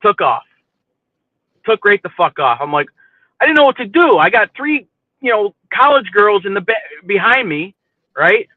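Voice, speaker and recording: Guy with a higher voice telling a story, swears a lot, sounds thin like it's over a phone. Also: normal speed, pauses often, no room sound, phone-quality sound. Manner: profane, animated, keeps asking "you know what I mean". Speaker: podcast host telling a story. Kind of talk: casual storytelling chat.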